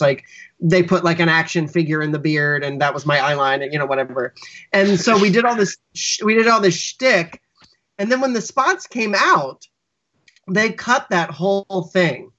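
A man's voice: sits high, a bit bright. A man, a writer and actor, telling rambling anecdotes as a podcast guest with lots of restarts, on dull lo-fi audio. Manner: rambling storyteller, many restarts and fillers. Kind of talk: casual anecdote in podcast interview.

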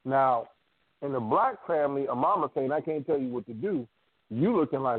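Dude telling family stories on a call, animated, tinny phone sound, dry. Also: male voice, medium pitch, moderate pace, husky, no echo. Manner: animated storyteller acting out family quotes. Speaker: radio show co-host. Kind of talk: casual storytelling chat. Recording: dry phone-line audio.

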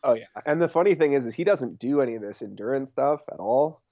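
A man's voice: mid-range voice, lively intonation, fast, creaky, dark tone, no room sound, muffled recording. A young man, a race champion, talking casually in an interview and leaning on fillers like "like" and "you know". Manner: laid-back, many fillers like "like" and "you know".

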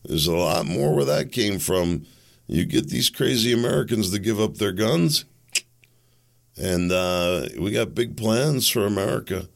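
Brief: a man playing a sly, conspiratorial foreign strongman, low and gravelly. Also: animated, unhurried.

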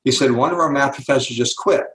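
A man's voice: medium pitch, fast talker. An older man, a guest author, explaining ideas in an interview and acting out the voices of the people in his stories with emphasis. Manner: emphatic, animated, acts out quoted lines. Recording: echoey room.

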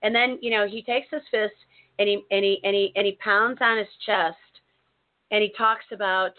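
A woman co-hosting a talk show, telling a story in a casual, animated way with many restarts. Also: mid-range voice, normal speed. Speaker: co-host. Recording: narrow phone-like sound.

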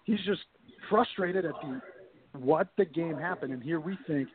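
Animated man telling stories over a phone line. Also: fairly high pitch, moderate pace, a crowd in the background. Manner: animated, acts out quoted dialogue. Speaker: guest, sports documentary producer. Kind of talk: casual storytelling interview. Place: phone call-in to a talk show.

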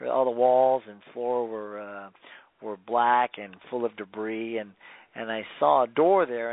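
A firefighter guest telling a long story in a rambling, casual way, with many fillers and restarts. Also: male voice, mid-range voice, no room sound. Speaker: firefighter guest on a radio talk show. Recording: dry tinny phone line.

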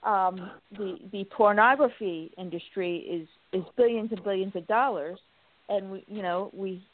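Woman on a tinny phone-like line. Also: mid-range voice. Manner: halting, many restarts and fillers; animated storytelling, acts out quotes. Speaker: talk show host. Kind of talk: casual political talk.

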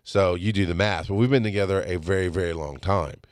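A man in his late thirties talking in a casual podcast monologue, blunt and animated, swearing often. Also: low-pitched, a little fast, no echo, clean studio sound. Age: 30s. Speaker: podcast host.

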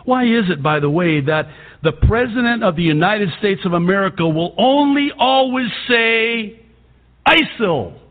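A man's voice: animated, measured pace. Fervent preacher man, native Arabic speaker. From Lebanon. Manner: fervent, swings between loud outbursts and low asides. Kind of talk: sermon. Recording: tinny phone-like sound with long hall reverb.

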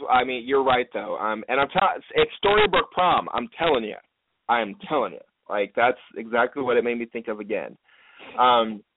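A man co-hosting a fan podcast, retelling a TV episode in a chatty, joking way. His voice sits at an ordinary pitch but comes through thin and phone-like, with a faint hiss behind it. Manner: chatty, recaps at length with playful asides. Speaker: podcast co-host recapping an episode. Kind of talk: casual podcast chat.

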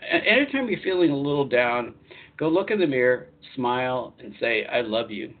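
A man working as a spiritual life coach, hosting a live online talk show in a chatty, repetitive way with lively emphasis. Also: mid-range voice, moderate pace, narrow, tinny audio.

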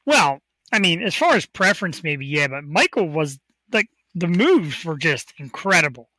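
A man's voice: on the high side, very animated, normal speed, sharp tone, no echo, poor audio. A man hosting a casual podcast from a home studio, talking with upbeat, rambling enthusiasm into a desk microphone. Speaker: host.

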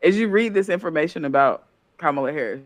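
Quick talking guy on a chat show, a bit higher voice, dry sound, blunt and jokey. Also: animated, no echo. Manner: quick, blunt and joking, swears freely. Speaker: podcast co-host. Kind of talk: casual live-show discussion.

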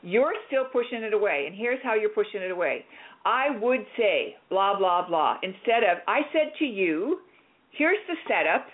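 A woman hosting a radio show, coaching a caller with lively, directive talk and acting out little scenes. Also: mid-range voice, normal speed, phone-quality sound. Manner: directive and animated, plays out scenes. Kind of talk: on-air coaching chat.

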